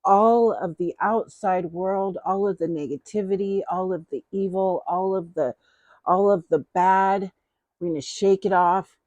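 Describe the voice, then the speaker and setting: A woman's voice: medium pitch, steady tone, a little slow, darkish tone, dry recording, dull audio. A middle-aged woman hosting a casual haul vlog, chatty and playful, often repeating her phrases. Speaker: host.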